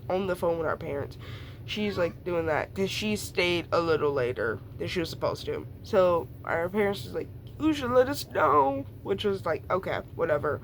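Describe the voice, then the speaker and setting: A woman's voice: lowish voice, fairly bright tone, slight background noise. A young woman casually telling a rambling personal story, full of fillers and asides. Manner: rambling, lots of fillers and laughs, quick asides.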